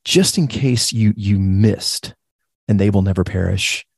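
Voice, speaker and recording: A man co-hosting a casual Bible study discussion, enthusiastic and animated, often repeating his agreement. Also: on the low side, unhurried, creaky, husky, no room sound, studio quality.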